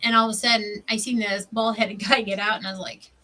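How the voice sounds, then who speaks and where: A woman, hosting a craft livestream and telling stories in an animated way, laughing often. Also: medium pitch, quick pace, recorded from a distance, poor audio. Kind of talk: casual chat while crafting.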